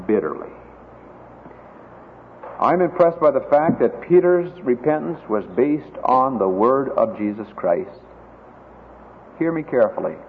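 Lively male preacher in a reverberant hall. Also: mid-range voice, slight background noise. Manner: dramatic, acts out quoted oaths slowly and loudly. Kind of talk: sermon. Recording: tinny phone-like sound, long hall reverb.

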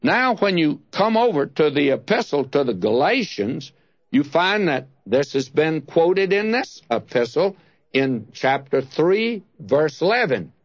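A man teaching verse by verse through scripture, reading passages slowly and measuredly. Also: on the high side, very animated, no echo. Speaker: Bible teacher. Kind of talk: expository Bible teaching. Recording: dull lo-fi dry recording.

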